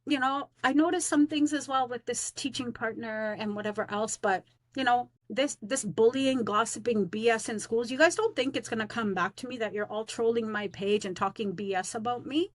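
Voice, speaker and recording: A woman with a fairly high voice vents straight to camera in a rambling, defiant vlog. Her talk is blunt and full of slang and fillers. The sound is dry and close, with no room echo. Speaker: teacher on leave. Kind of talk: casual vlog rant to camera.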